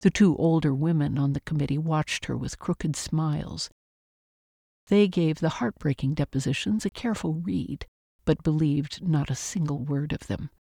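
A narrator reading a literary novel aloud in a measured, even manner. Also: medium pitch, vocal fry, slightly rough, no echo, clean studio sound. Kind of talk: scripted audiobook narration.

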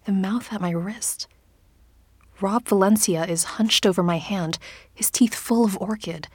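Woman, audiobook narrator, breathy, slow, hushed and whispery. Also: medium pitch, no echo. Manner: hushed, often whispered, intimate delivery. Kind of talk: first-person audiobook narration.

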